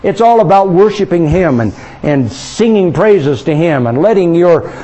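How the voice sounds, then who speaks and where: A man with a high, light voice leads a charismatic prayer session. He talks fervently and intimately, coaxing his listeners to pray out loud. At times he drops into soft, slow speaking in tongues. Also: expressive, poor audio. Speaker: minister leading prayer.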